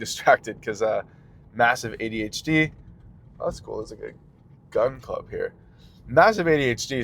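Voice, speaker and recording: Man, casual vlog rant from a car, filler-heavy, rambling, tangent after tangent, small business owner, mid-pitched voice. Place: in a car while driving.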